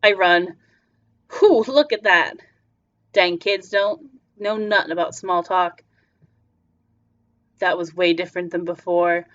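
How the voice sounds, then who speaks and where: A woman's voice: fairly low pitch, takes it slowly, pauses often, a bit bright. Woman reading a visual novel aloud. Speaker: game player and reader. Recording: slightly dull lo-fi recording. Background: faint music.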